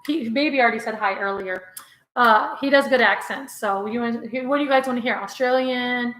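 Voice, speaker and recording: A woman's voice: a little high, a little fast, a bit bright. Chatty laughing woman vlogger. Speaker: vlogger host. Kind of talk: casual live chat with viewers. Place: indoors at home. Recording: roomy echo.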